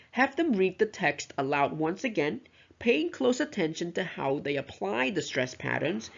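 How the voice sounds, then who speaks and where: In a dull lo-fi recording, a female teacher trainer lectures on pronunciation teaching, breaking it down step by step and peppering it with "right?" and "you know." Her fairly low voice is gravelly and husky.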